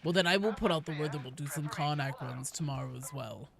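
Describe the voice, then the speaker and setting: A young woman streaming a game, chatting casually and greeting viewers with bursts of excitement. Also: deep voice, quick pace, gravelly, music in the background. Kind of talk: casual gaming stream chat.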